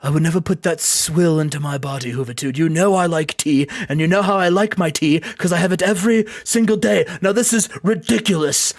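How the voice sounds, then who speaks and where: A stuffy, pompous British male wrestler, put on by a man retelling a video game, huffing with indignation. The voice drops lower than the narrator's own and turns haughty. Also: brisk, few pauses, natural voice. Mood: huffy.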